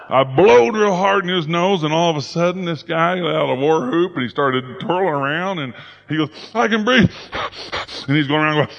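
A man's voice: a little high, dull audio. A man preaching a sermon, telling stories in a folksy, playful way. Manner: folksy storytelling, playful and animated.

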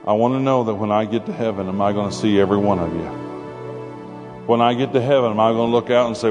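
Animated man preaching in a reverberant hall. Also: fairly low pitch, brisk. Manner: animated, conversational preaching with playful asides. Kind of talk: sermon. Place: church hall before a congregation. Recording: long hall reverb with faint music.

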